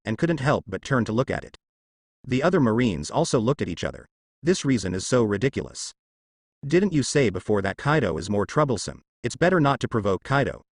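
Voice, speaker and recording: A man narrating a translated fan fiction novel aloud in a steady storytelling read. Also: mid-range voice, dry recording, studio quality.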